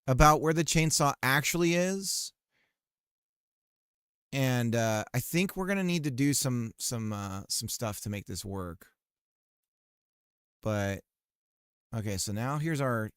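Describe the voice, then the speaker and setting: A man with a middle-pitched, smooth voice chats loosely with his viewers while building a game. He thinks out loud and trails off mid-thought. The room sound is dry and close to the mic. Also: no echo. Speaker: game developer streaming his work. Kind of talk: casual live-stream commentary while coding.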